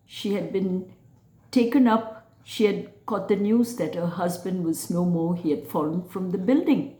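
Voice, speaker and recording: Middle-aged woman, personal storyteller, slow and hushed, roomy sound. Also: medium pitch. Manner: hushed, dropping at times to a whisper. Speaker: channel host telling her own story. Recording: roomy echo.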